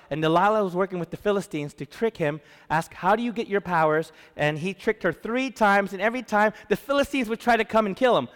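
A man preaching a sermon, animated, swinging from loud emphasis to hushed storytelling. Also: on the high side, clean tone. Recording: long hall reverb.

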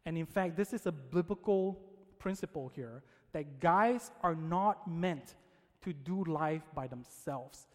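Male speaker, sermon storyteller, relaxed and chatty, slightly high pitch. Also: takes it slowly, big-room sound. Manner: casual, conversational, with frequent "right?".

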